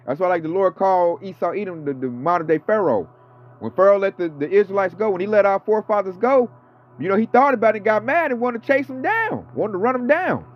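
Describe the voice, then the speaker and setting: A man's voice: high-pitched, lively intonation, fast. A man in his thirties or forties giving a casual, fired-up sermon, slangy and profane. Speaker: preacher. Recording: dull lo-fi audio with faint music.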